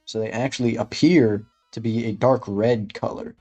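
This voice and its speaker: A man doing comedic gameplay commentary in an impression of a gaming creator, rambling through absurd deadpan jokes and cursing in frustrated outbursts. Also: lowish voice, normal speed, slightly rough, faint music behind.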